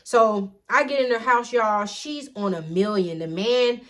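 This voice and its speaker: A woman's voice: on the high side, measured pace, fairly bright tone. A young adult woman telling a personal story casually to her viewers, chatty and digressive, addressing them again and again. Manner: chatty, digressive, says "y'all" constantly. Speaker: storytime vlogger.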